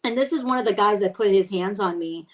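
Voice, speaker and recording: A woman's voice: medium pitch, fast talker. A young woman hosting a podcast, chatting casually and telling stories bluntly with plenty of swearing. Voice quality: blunt, profane storytelling. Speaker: podcast host. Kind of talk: casual chat.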